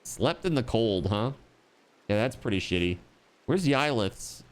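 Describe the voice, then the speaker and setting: Animated, joking male game streamer. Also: medium pitch, a little slow. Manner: animated, joking, swears freely. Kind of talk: casual chat while gaming.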